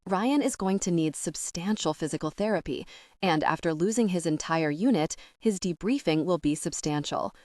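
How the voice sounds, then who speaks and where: Matter-of-fact army colonel, formal and low, read by a woman narrator. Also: moderate pace, darkish tone, no echo, studio quality, close to an everyday voice.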